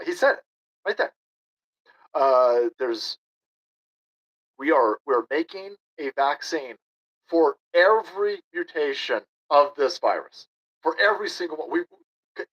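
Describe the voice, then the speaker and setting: A man's voice: a little high, fairly bright tone, muffled recording. A man doing a profane, mocking reaction commentary on a video clip as a streamer.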